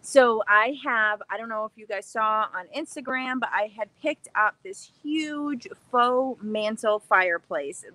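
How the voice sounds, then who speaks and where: A young woman hosting a casual craft-channel livestream from her backyard, bubbly and excited, chatting in a scattered, rambling way. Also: fairly high pitch, a little slow, hardly any pauses, no echo. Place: backyard, outdoors.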